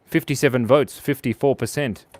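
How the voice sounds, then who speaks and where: A man's voice: mid-range voice, normal speed, darkish tone. A man hosting a live drawing stream, chatting playfully and reading out viewer comments as he draws. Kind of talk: casual live-stream chat while drawing.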